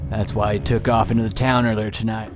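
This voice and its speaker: A man's voice: on the low side, flat delivery, fast, over music, natural voice. A man voicing an earnest frontier town mayor in a tabletop role-play.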